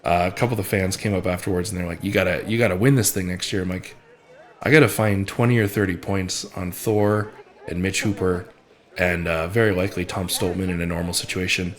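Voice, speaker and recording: A young man with a deep, low voice talks through his competition in a vlog. He speaks haltingly and restarts often, full of fillers. He sounds choked up, close to tears. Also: fairly even intonation. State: emotional, near tears. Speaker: strongman athlete. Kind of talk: emotional vlog recap.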